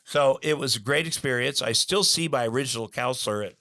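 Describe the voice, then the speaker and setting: Middle-aged male guest, rambling storyteller, plenty of ums and restarts, even mid-range voice. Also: medium pitch, a little fast. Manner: rambling, many fillers and restarts, acts out quotes. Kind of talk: candid storytelling interview.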